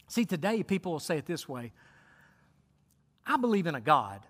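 A man's voice: high voice, animated, brisk. A man preaching a sermon as pastor, fervent and direct, often repeating words as he presses a point to the congregation. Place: church sanctuary. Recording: long reverb of a large hall.

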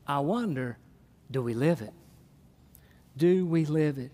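High-voiced preacher in a reverberant hall. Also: male voice. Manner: animated preaching, acts out little scenes in his own voice. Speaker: pastor. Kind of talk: sermon. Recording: long reverb of a church hall.

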